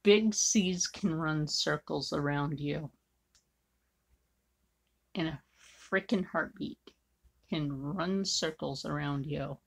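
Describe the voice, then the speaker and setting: Husky and low, with vocal fry, this woman speaks slowly and pauses often. She's an artist drawing on camera, rambling bluntly in casual chat full of fillers.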